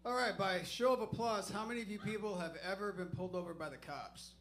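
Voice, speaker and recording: A man's voice: sits high, fast, a bit bright, a little hiss or hum. A man doing stand-up comedy on a club stage, telling a profane, rambling, self-deprecating story.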